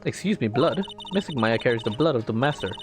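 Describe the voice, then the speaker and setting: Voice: mid-range voice, animated, fast, lightly acted. A player reading game dialogue aloud, voicing a stern, formal older woman spirit medium over game music. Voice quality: stiff, overly formal phrasing.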